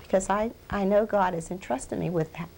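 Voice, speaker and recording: A woman's voice: mid-range voice, moderate pace, creaky, a little mellow, poor audio. A woman minister giving a heartfelt, emotional testimony in an interview, earnestly repeating phrases for emphasis. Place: research center.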